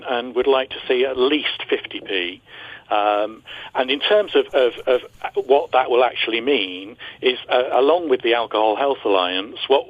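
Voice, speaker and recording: A man's voice: mid-range voice, no room sound. Charity boss guy on a muffly phone line, keeps restarting, dry sound. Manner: halting, repeats words. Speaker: charity chief executive. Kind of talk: radio debate.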